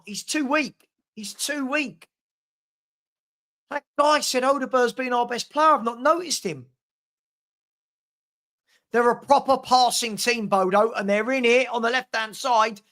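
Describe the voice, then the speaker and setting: A man's voice: very high-pitched, fairly bright tone. A man hosting a live fan watchalong, giving blunt and exasperated running commentary on the match and answering viewers' comments from home. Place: at home with a dog.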